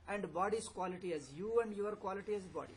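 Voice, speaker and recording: A man teaches a scripture class as a swami. His voice sits high, and he drives his points home with rhetorical questions and repetition. A faint hiss of noise sits under the recording. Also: fast talker, rough recording. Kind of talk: philosophy lecture.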